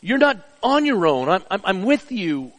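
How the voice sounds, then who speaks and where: Middle-aged man, pastor type, earnest sermon style, high pitch, hall reverb. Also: very animated, normal speed. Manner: earnest preaching, drops soft and low for personal stories.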